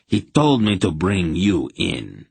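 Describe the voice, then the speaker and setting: A harsh, threatening soldier captain barks orders in a rasping growl, as a man reads him in an audiobook. The voice sits very low and slightly husky. The sound is dry and close. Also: wildly swooping pitch, slow, no room sound, heavily acted. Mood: menacing.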